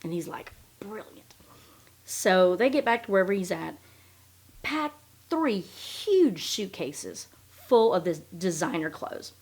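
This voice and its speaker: A woman's voice: lowish voice, big pitch swings, measured pace, a little mellow, slightly rough. A woman hosting a podcast, recapping in a blunt, profane, sarcastic casual chat. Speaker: podcast host.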